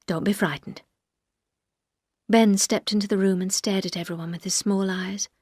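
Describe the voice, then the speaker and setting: A woman narrating a story for language learners, clear and careful, at a mid pitch. The reading is steady and even. The sound is dry and close to the mic. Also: fairly quick, dry recording.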